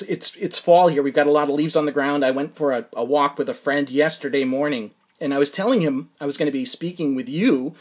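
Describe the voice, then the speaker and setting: A man hosting a podcast interview, talking casually, with frequent restarts and fillers. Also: on the high side. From New England. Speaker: podcast host.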